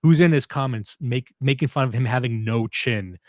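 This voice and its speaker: A man hosting a podcast in casual chat, crude and profane, excitable, jumping between topics. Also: mid-range voice, normal speed, no echo, clean studio sound. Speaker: podcast host.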